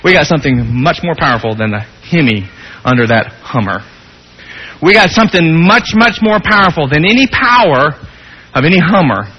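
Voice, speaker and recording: Animated, husky male preacher. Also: on the high side, moderate pace, lo-fi sound. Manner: animated, rhetorical, swings between loud and hushed. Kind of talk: sermon.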